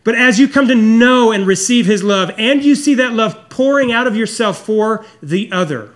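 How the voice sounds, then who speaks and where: A man preaching a sermon as pastor, earnest and confessional, often dropping low and soft to stress a point. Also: lively intonation, normal speed.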